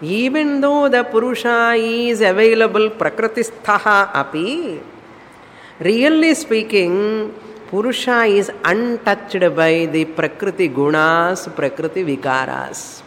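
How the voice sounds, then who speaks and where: A man with a Tamil Indian English accent gives a scriptural discourse in a high, bright voice, asking rhetorical questions and dropping in scripture terms. The sound rings with a long hall reverb over a faint hiss. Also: animated, slow pace. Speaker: spiritual teacher.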